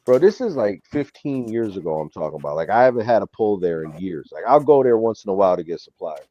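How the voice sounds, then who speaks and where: Male host, casual storyteller, animated and swearing, mellow tone, dry lo-fi sound. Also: fairly low pitch, quick pace, no room sound. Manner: animated, swears, says "bro" a lot. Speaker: show host.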